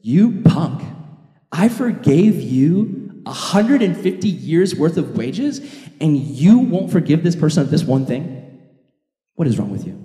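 A man's voice: on the high side, sing-song, a little slow, mellow. A man playing a breezy, offhand king. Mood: stern. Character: powerful male king, generous then stern. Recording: echoey hall reverb.

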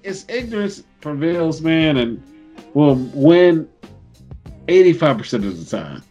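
A man's voice: on the high side, measured pace, dull audio, soft background music. A man co-hosting a podcast, telling stories animatedly and swearing freely in casual chat. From Florida. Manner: animated storyteller acting out voices, swears freely. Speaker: podcast co-host.

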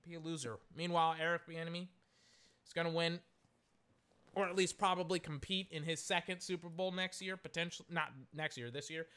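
A man giving a solo sports opinion rant, exasperated and animated, often stopping to correct himself. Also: fairly high pitch, brisk, clear, resonant tone. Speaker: sports commentator.

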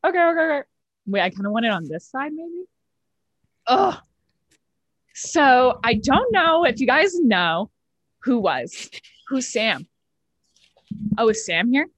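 A woman's voice: high-pitched, measured pace, long pauses, no room sound, low-quality recording. A nineteen-year-old woman hosting a comedy club video call and doing a self-mocking stand-up bit over her laptop mic. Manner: chatty, self-mocking, exaggerated deadpan bragging. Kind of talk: casual chat and stand-up set.

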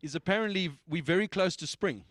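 A man with a fairly high voice addresses his church in a loose, conversational way. He repeats his phrases for emphasis as he exhorts and announces. The sound is close and dry, with no room echo. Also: a little fast, fairly bright tone. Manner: emphatic, repetitive, conversational preaching. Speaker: church leader. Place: church meeting.

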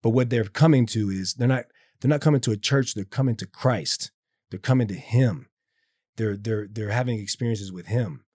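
A man's voice: lowish voice, moderate pace, a little mellow, breathy edge, no echo, clean studio sound. A man talking earnestly about his faith in a casual conversation, rambling with many restarts and fillers. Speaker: guest speaking about faith.

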